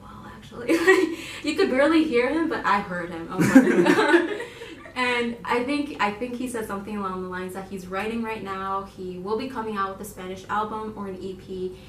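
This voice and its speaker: A young woman co-hosting a casual video, telling her story to viewers in an animated, giggly way and quoting herself in excited voices. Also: medium pitch, normal speed, a little hiss or hum. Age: young adult. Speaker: YouTube channel co-host. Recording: roomy echo, voice from a distance.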